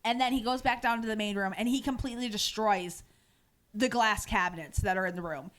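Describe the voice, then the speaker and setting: A woman co-hosting a podcast, casually recapping a TV episode with animated, filler-heavy storytelling. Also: mid-range voice, a little fast. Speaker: podcast co-host.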